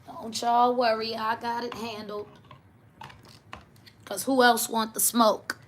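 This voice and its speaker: A woman's voice: a little high, little pitch movement, slow pace, reverberant, noisy background. A woman doing a casual tarot reading for viewers, talking in a blunt, mocking, sassy way. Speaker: tarot reader.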